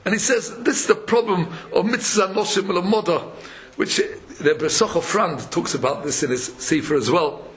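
A man's voice: high-pitched, normal speed. A man giving a Torah sermon, chanting verses and acting out parables with frequent chuckles. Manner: animated, chants verses, acts out quotes, chuckles often. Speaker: Torah lecturer.

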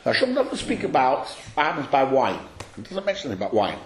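A man teaching a study class, explaining a text to his students in an animated, questioning way and calling on them by name. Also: mid-range voice, fast talker, slight background noise. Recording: echoey room.

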